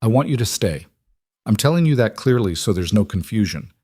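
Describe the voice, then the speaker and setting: A quietly protective cowboy rancher, voiced by a man reading a story. He talks plainly and firmly, in a low, measured voice. The recording is dry and close. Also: big pitch swings, husky, dry recording. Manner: measured, firm, plain-spoken.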